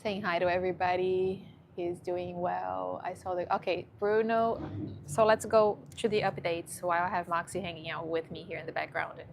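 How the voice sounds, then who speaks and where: A woman's voice: fairly low pitch, level tone, normal speed, gravelly, a little hiss or hum. A woman chatting casually on a livestream from a dog shelter, emotional and cooing at a shy dog.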